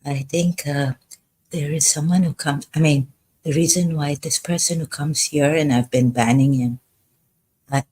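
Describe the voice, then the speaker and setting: A woman talking in a rambling livestream monologue, hesitant and halting, pausing often. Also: sits low, darkish tone. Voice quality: husky. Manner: halting, hesitant, full of pauses. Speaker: live streamer.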